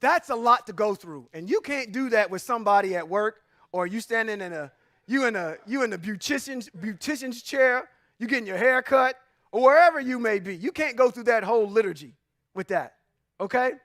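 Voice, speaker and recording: A man's voice: high voice, animated, brisk, fairly bright tone, no echo, studio quality. A man giving an informal Bible teaching, emphatic and full of rhetorical questions, chuckling often and saying "y'all". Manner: informal, says y'all and come on now. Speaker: religious teacher.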